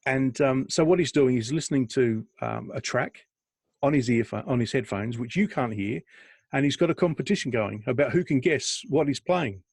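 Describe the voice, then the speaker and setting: A man's voice: mid-range voice, moderate pace, gravelly, a little mellow, husky, no room sound. A middle-aged man, co-hosting a podcast in a rambling, chatty way, often laughing and restarting his sentences. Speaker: podcast co-host. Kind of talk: casual chat.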